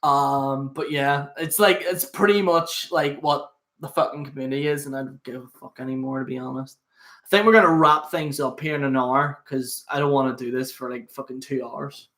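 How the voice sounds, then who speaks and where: A man's voice: medium pitch, moderate pace, fairly bright tone. A young man hosting a casual solo stream, rambling and swearing with lots of fillers. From Northern Ireland. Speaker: host. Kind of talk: casual solo livestream chat.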